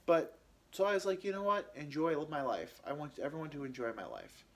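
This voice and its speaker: A man telling a personal story on his podcast in a halting, rambling way, with many fillers and restarts. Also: on the high side, very animated.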